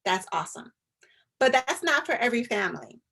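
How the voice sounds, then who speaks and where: Gravelly-voiced woman psychologist talking to parents. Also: on the high side, a little fast. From US, Atlanta area. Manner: chatty and animated, often drops to a demonstrative whisper. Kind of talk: informal talk to parents.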